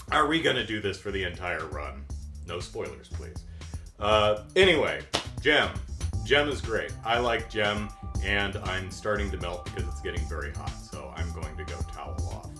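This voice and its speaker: A middle-aged man with a deep voice, hosting a casual, keyed-up reaction commentary on a cartoon. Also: measured pace, echoey room, music in the background. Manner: animated, keyed-up, jumps into silly voices. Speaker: podcast host.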